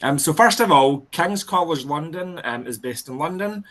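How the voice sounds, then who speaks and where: Scottish man with a bright voice. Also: a little high, moderate pace. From Scotland. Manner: steady, frequent "um" fillers. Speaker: library speaker. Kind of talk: webinar presentation. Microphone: video call.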